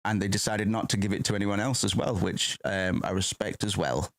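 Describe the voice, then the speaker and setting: A man with a somewhat low voice gives casual let's-play commentary. He rambles and swears offhandedly, drifting between the game and side topics in an easy, unhurried chat. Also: steady tone, vocal fry, no room sound. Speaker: gaming streamer host.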